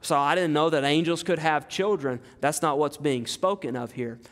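High-voiced man preaching in a reverberant hall. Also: moderate pace, fairly bright tone. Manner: emphatic, rhetorical questions, repeats phrases for stress. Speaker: pastor. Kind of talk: expository sermon.

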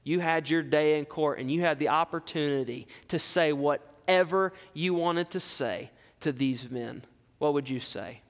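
High-voiced preacher in a reverberant hall. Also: male voice, measured pace. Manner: preaching with dramatic scripture reading, rising loud on quotes, dropping low for asides. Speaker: pastor. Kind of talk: expository sermon.

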